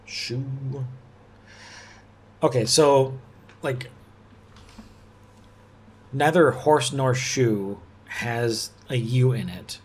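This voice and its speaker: A man thinking aloud as he works through a puzzle, musing and halting, often restarting his sentences and laughing softly. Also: mid-range voice, fairly even intonation, husky. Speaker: puzzle-solving video host.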